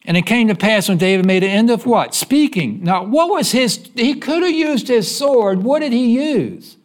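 Male pastor preaching in church, high voice with lively swings, folksy, keeps quizzing the pews. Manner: asks the congregation fill-in-the-blank questions; conversational, folksy, with quick repeats. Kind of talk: sermon.

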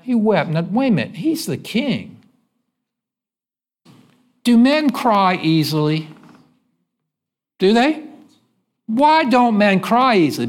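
Male pastor preaching in church, high voice with lively swings, folksy, keeps quizzing the pews. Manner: asks the congregation fill-in-the-blank questions; conversational, folksy, with quick repeats. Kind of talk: sermon.

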